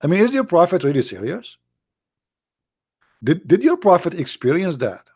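A man's voice: on the high side, very animated, normal speed, a little mellow, breathy edge, no room sound, studio quality. Sarcastic man taunting his live chat. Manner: sarcastic, taunting, laughs often; reads chat comments aloud. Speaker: livestream host. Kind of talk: mocking livestream commentary.

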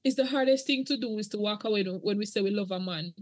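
A woman's voice: medium pitch, fast, dry recording. A middle-aged woman, earnestly telling her own story as a podcast guest. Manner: earnest, emotional, church-toned. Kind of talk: podcast interview testimony.

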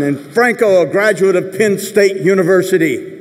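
This commencement speaker has a high-sitting voice and talks at an ordinary pace, building his address from loosely connected stories. Lively throughout, he cracks side jokes and performs the voices of people he quotes, all echoing through a large ceremony venue with long hall reverb.

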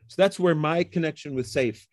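A middle-aged man, a computer science professor, talks through research history in a relaxed interview and often checks in with "okay?" and "huh?". He acts out the colleagues he quotes. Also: on the high side, normal speed, dry recording. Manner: explains with frequent tag questions like okay and huh. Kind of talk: casual interview conversation.

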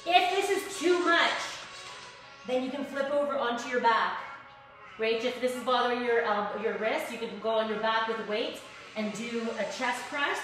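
A woman's voice: fairly high pitch, moderate pace, a bit bright. A woman instructor leading a live workout class, upbeat and encouraging, counting reps and a little out of breath. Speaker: fitness instructor. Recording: echoey room, mic at a distance, music behind.

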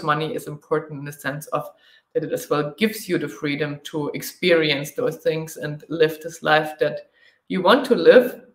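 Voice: mid-range voice, roomy sound. A travel vlogger with a German accent, chatting through a live Q&A, thinking aloud and laughing readily. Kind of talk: live Q&A chat.

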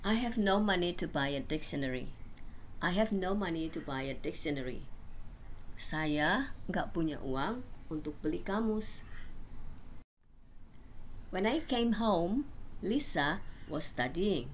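A woman with a lowish voice reads short practice sentences as a language teacher, saying each one twice at an unhurried pace. A faint hiss sits under the recording. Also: lively intonation. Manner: slow, deliberate repetition of each sentence. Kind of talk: reading phrase drills.

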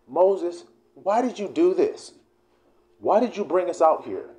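A man's voice: very high-pitched, big pitch swings, fast talker, gravelly, darkish tone, pitched above the performer's own voice, heavily acted. An exasperated grown man, as a man puts him on, whines in a sharply raised voice. He grumbles in profane street talk. The voice swoops up and down wildly. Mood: pleading. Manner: whiny, profane, street-talking complaints.

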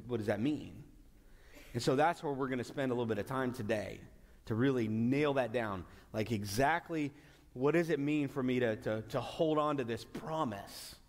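Earnest male pastor in reverberant hall. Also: mid-range voice. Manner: earnest, repetitive restarts, drawn-out emphatic words. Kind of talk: sermon. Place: church sanctuary.

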